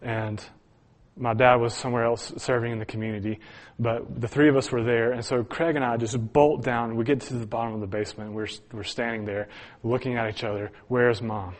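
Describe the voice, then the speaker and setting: A man's voice: medium pitch, flat delivery, brisk. A man preaching, telling a personal story to his congregation with earnest, chuckling delivery and frequent restarts. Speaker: pastor. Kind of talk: sermon storytelling.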